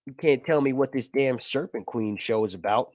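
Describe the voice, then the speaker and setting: A young man hosting a casual live stream, chatting with viewers in a jokey, animated way and swearing casually. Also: mid-range voice, moderate pace, dry recording, studio quality. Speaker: YouTube host reading viewer chat.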